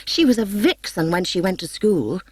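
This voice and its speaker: A woman's voice: medium pitch, expressive, normal speed, slightly rough, dry recording. A woman voicing a tall, timid young woman who protests in a plaintive, screeching way. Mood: aggrieved.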